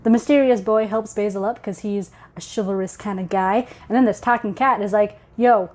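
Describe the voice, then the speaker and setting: A woman's voice: mid-range voice, fairly even intonation, fairly quick, darkish tone. Woman, webcomic marketer; casual, playful comic read-aloud. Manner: chatty, playful retelling.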